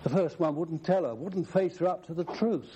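A man's voice: on the high side, normal speed, warm tone, slight background noise. A man preaching a sermon, emphatic, quoting scripture at length.

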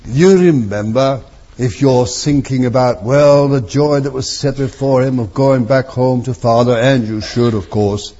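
A male preacher delivering a fervent sermon at a slow, deliberate pace. His voice swings between soft, hushed phrases and loud, drawn-out exclamations. The recording is dull and lo-fi. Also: medium pitch.

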